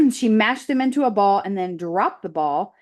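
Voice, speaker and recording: A woman teacher reading a children's novel aloud with expressive storytelling. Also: mid-range voice, a little slow.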